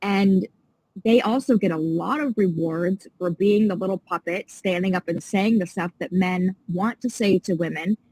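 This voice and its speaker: Passionate indignant woman with a husky voice. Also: on the low side, normal speed, mellow, no room sound, low-quality recording. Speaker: podcast guest. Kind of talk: casual interview chat.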